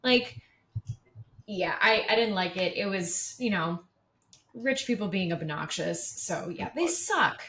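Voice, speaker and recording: A woman's voice: medium pitch, expressive, slow pace, a bit bright, slight background noise. A woman co-hosting a podcast in casual chat, speaking frankly and bluntly. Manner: frank, blunt, swears for emphasis. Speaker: podcast co-host. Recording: roomy echo.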